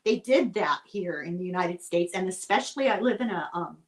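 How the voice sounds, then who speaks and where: A woman born in Ireland, chatting casually and telling animated stories with laughter. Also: lowish voice, brisk. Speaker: guest storyteller. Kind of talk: casual chat. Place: rural United States.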